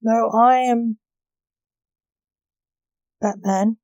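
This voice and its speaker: A woman voicing a gruff, short-tempered man who speaks in curt, snappish lines in a storybook reading. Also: fairly high pitch, steady tone, drawn-out words, a little mellow, dry recording, lo-fi sound.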